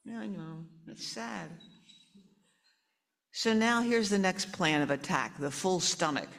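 A woman's voice: fairly low pitch, slow, gravelly. Woman reading a picture book to kids. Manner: animated, chatty asides to kids. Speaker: children's storytime reader.

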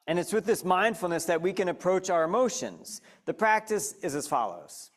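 A man with a slightly high voice gives a lively, conversational talk to a live audience. He often turns to his listeners with questions and guides them through a simple practice as he speaks. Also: moderate pace. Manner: animated, addresses listeners directly with questions. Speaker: speaker leading a mindfulness talk.

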